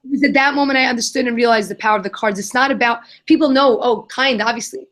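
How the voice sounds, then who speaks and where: Lively woman telling a story. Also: fairly high pitch, fast. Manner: animated, acts out quoted voices. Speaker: guest, kindness nonprofit founder. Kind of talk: storytelling in a live Q&A.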